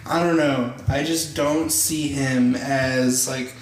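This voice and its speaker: A man's voice: medium pitch, steady tone, slow, soft background music. A young man as a guest in casual movie chat, mostly agreeing in short replies. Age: young adult. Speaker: podcast guest. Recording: echoey room.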